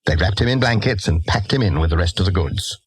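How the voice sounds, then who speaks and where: A man reading a children's storybook aloud in an expressive, lively way. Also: low-pitched, fast talker, breathy edge, no echo. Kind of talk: storybook narration.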